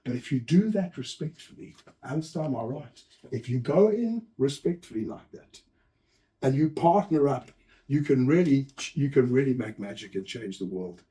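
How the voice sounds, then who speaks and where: A man giving a lively conference talk, telling anecdotes, acting out quoted lines and chatting with the audience. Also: mid-range voice, moderate pace. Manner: animated storyteller, acts out quotes, chats with audience. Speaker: host and speaker.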